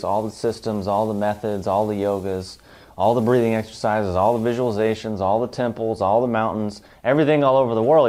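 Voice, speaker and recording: A man's voice: lowish voice, a little mellow. A man giving a motivational self-help talk, emphatic and piling up long lists.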